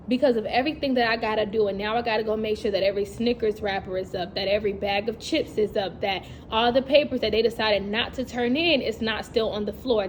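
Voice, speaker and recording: Young teacher lady vlogging, animated and laughy, kinda high voice, little bit of hiss behind. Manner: animated, chatty storyteller who laughs often and acts out classroom moments. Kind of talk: casual vlog monologue.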